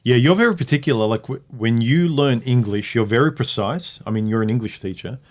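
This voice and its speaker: A man's voice: medium pitch, a little fast. A man hosting a casual livestream chat, reading viewer comments aloud and reacting to them. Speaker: livestream host.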